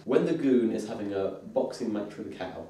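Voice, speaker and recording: Man, comic review host, animated, low voice, very echoey room, distant mic. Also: a little fast, a little hiss or hum. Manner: animated, retelling scenes with laughter. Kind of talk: casual chat.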